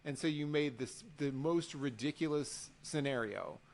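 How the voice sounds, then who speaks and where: A man with a slightly high voice co-hosts a podcast at a measured pace, recapping the week's wrestling shows in a casual chat. He's animated and exasperated, acting out what people said.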